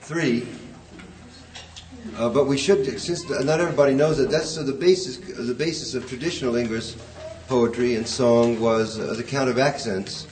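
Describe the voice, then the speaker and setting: A man's voice: medium pitch, steady tone, normal speed, a little mellow. A man lecturing a poetry class, rambling and hesitant, chanting rhythms aloud to show them. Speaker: poetry teacher.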